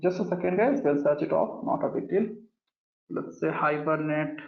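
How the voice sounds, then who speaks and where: A man's voice: on the high side, normal speed, gravelly. Man teaching code in a roomy, dull recording. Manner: talks through steps while typing, often addresses the class as "guys". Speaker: programming instructor. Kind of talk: live coding lesson.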